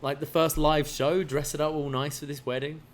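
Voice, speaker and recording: A man's voice: a little high, level tone, moderate pace, a little hiss or hum. A man co-hosting a podcast in casual chat, laying out his opinions in a thoughtful, explaining way. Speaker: podcast co-host.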